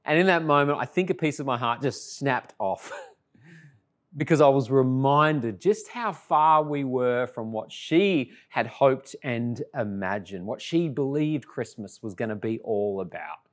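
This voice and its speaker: A middle-aged Australian man, a pastor, opens a sermon with a conversational story that swings between lively and hushed, tender tones. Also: medium pitch, unhurried.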